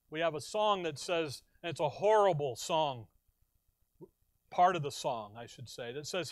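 An American man preaching a sermon, who asks the congregation questions, answers them himself and acts out quoted voices with big swings in loudness. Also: high voice, dry recording, clean studio sound. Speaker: pastor.

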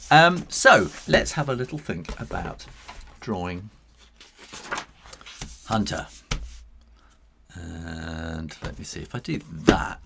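A man's voice: on the low side, vocal fry, noisy background. A man chatting casually with his viewers while drawing live, rambling and breaking off mid-sentence, with a light laugh now and then. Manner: chatty and rambling, with self-interruptions.

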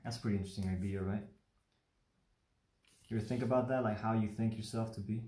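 A man's voice: fairly low pitch, steady tone, fast, warm tone, echoey room. A man from Mexico teaching paper folding in a casual livestream, rambling and chatty, often checking in with the viewer. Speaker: origami instructor. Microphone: livestream phone or webcam mic.

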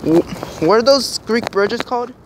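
A man's voice: very high voice, moderate pace. A young man filming a casual vlog on a snowy city street, rambling and upbeat as he hunts for words. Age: young adult. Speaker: vlogger filming his family walk. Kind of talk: casual handheld vlog narration. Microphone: handheld camera. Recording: outdoor street noise, traffic.

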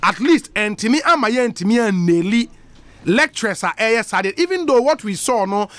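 An earnest Ghanaian man makes his case on a talk radio show, his voice high and animated. He argues in a measured, deliberate way. The studio sound is close and dry. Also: no echo.

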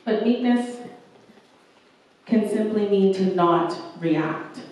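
A woman's voice: medium pitch, slow pace, darkish tone. A young woman preaching a sermon and telling a personal story, earnest and acting out the voices of the people she quotes. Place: church hall. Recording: echoey church room, mic at a distance.

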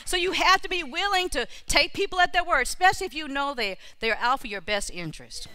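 A woman preaching a storytelling sermon, animated and exhorting, repeating key phrases to the congregation. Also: high voice, brisk, no room sound. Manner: animated, acts out her own prayers and inner voices. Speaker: church speaker.

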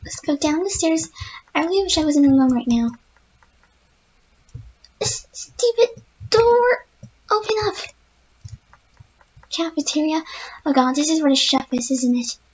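A woman voicing a timid, gentle young female pegasus pony, playing a game in character and talking to herself with easily spooked, jittery chatter. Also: high voice, a little fast, lo-fi sound, lightly acted. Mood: nervous, scared. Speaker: let's-play gamer in character.

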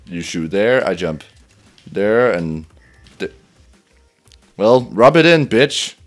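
A man's voice: on the low side, sing-song, slow, faint music behind. Swearing, laughing young man playing a game. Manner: swears a lot, laughs often, bursts into yelps of frustration. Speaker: gameplay commentator. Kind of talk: let's play commentary.

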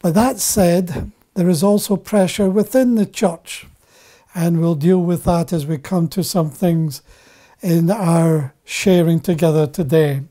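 An older man and preacher giving a slow, deliberate Bible teaching, halting and repeating words for emphasis. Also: on the high side, steady tone, mellow.

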